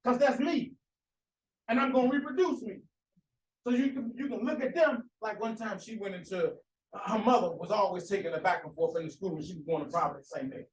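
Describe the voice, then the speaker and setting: A man's voice: high-pitched, a little fast, far from the mic. A man preaching an impassioned sermon, asking rhetorical questions and repeating phrases for emphasis. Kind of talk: fiery sermon. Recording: echoey room, voice off-mic.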